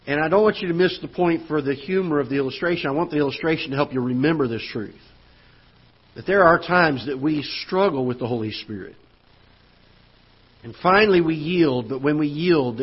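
Earnest preaching pastor, husky voice. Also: male voice, mid-range voice, muffled recording. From Florida. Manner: earnest, conversational preaching with fillers and restarts. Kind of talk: sermon. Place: church auditorium.

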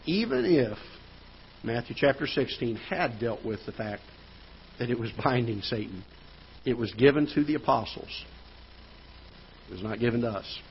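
A male pastor delivering a sermon in a church auditorium, earnest, pressing points, then dropping quiet. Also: mid-range voice, lively intonation, moderate pace, long pauses, lo-fi sound, a little hiss or hum. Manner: earnest preaching with rising emphasis and quiet drops.

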